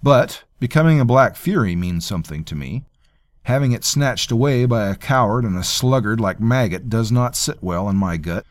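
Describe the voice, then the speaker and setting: A man's voice: lowish voice, lively intonation, moderate pace, dry recording, natural voice. A man voicing a bold, stubborn young male commoner tracker who talks bluntly and plainly. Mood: insistent.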